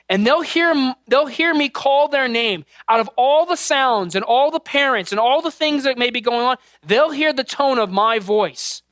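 A man's voice: very high voice, fairly bright tone, smooth, no echo, studio quality. A man in his thirties preaching a sermon, earnest and conversational, mixing scripture with personal family stories. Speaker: pastor.

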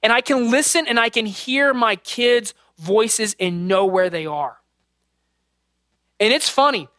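A man's voice: high-pitched, lively intonation, measured pace, bright, forceful tone, clear, resonant tone, no echo, studio quality. Earnest male pastor preaching. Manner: earnest, conversational preaching with personal stories. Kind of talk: sermon.

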